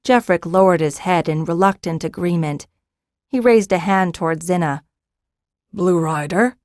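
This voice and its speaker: A woman narrating a fantasy audiobook in an even, measured reading. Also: on the low side, no echo, studio quality. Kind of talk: scripted narration.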